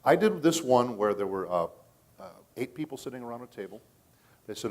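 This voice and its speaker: A man's voice: mid-range voice, expressive, fairly quick. A middle-aged man who works as a voice actor, telling stories at a convention panel in a chatty way and checking in with the audience often. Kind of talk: casual panel talk.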